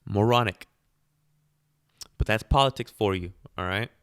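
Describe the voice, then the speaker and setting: A man talks through his own podcast in a loose, opinionated monologue, firing off rhetorical questions and laughing at his own asides. His voice sits a little low, and the recording is close and dry with no room sound. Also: unhurried, a bit bright, clear, resonant tone, no echo. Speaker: podcast host. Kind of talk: casual solo podcast monologue.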